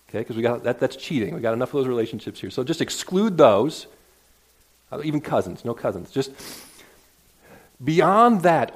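A pastor addresses his congregation from the church sanctuary in a medium-pitched, darkish voice. His sermon is earnest and conversational, with sentences he keeps restarting on the way to his point.

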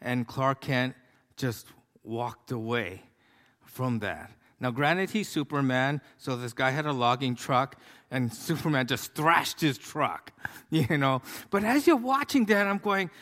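A man's voice: medium pitch, expressive, slow pace, a bit bright. Man preaching in a reverberant hall. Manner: conversational, storytelling with many fillers. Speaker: pastor. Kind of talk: sermon. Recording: long reverb of a large hall.

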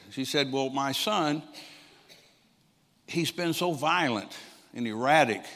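Older man preaching in a reverberant hall. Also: medium pitch. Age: 60s. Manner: animated storyteller who acts out quoted people and chuckles often. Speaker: traveling preacher. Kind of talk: storytelling sermon.

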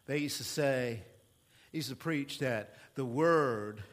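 A male pastor preaching a sermon in an animated, playful way, with sudden jumps in pitch and volume.

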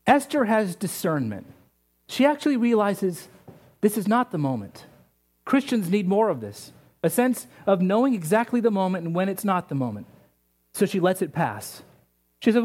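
A male pastor with a high-pitched voice, preaching. He retells a story with humorous asides. His delivery is lively storytelling. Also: moderate pace. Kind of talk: sermon.

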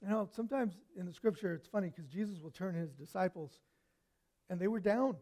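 A man preaching a sermon, telling stories with lively swings from loud to hushed. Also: high voice, brisk.

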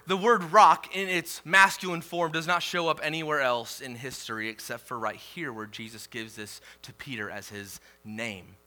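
A male pastor preaching a sermon, reading scripture slowly and swelling loud on key declarations before dropping quiet. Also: fairly high pitch. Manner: reads scripture slowly and deliberately.

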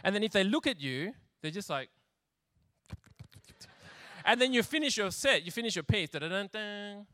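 Male preacher, casual and funny, crisp bright tone, dry close sound. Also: high voice, animated, moderate pace, long pauses, no room sound. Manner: chatty, laughs often, acts out scenes. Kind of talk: humorous sermon storytelling.

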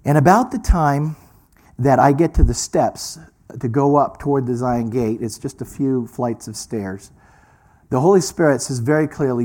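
A man preaching, telling a personal story with lively delivery and acting out the voices of people he met. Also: medium pitch, normal speed. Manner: animated storyteller, acts out quoted voices. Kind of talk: sermon storytelling.

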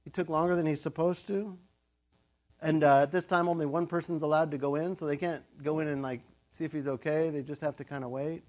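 A middle-aged man giving a casual, conversational sermon, telling the story with lively asides and laughter. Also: on the high side, fairly quick. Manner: animated storytelling, acts out quoted voices, laughs often. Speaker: pastor.

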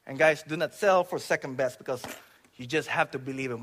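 A man from the Philippines, preaching a storytelling sermon in church, swinging from loud exclamations to hushed asides. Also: mid-range voice, fairly quick.

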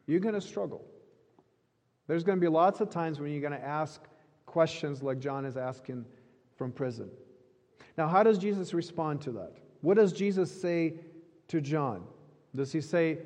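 A pastor preaching a sermon in an earnest, emphatic way, repeating key phrases. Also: male voice, fairly high pitch, lively intonation, normal speed, pauses often, a little mellow, big-room sound.

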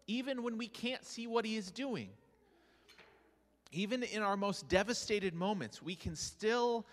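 A man preaching a sermon as pastor, earnest and animated, often asking his listeners rhetorical questions. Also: sits high, long reverb tail.

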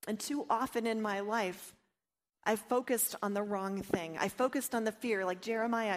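Earnest woman teaching a devotional talk. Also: medium pitch. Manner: earnest, personal storytelling with acted inner doubts. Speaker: Bible study teacher.

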